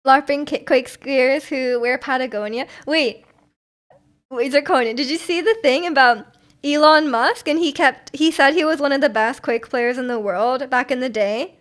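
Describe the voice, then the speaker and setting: A woman's voice: sits high, moderate pace. A woman streamer chatting casually with her chat, bubbly and giggly, often restarting her sentences. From Canada. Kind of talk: casual chat reading viewer comments.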